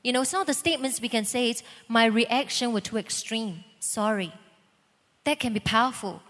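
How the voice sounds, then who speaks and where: A woman teaching calmly about marriage alongside a preacher. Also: fairly high pitch, normal speed. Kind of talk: sermon teaching. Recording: long hall reverb.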